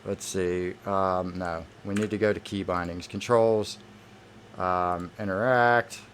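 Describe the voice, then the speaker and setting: A man's voice: low-pitched, steady tone, slow pace, a little hiss or hum. A man giving gameplay commentary, irritated and cursing heavily as he plays. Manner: irritated, heavily profane ranting. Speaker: gamer.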